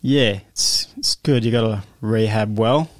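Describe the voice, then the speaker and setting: A man's voice: fairly low pitch, unhurried, dry recording. An Australian man in his thirties, a guest boxer talking openly and emotionally in a casual interview, laughing often. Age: 30s.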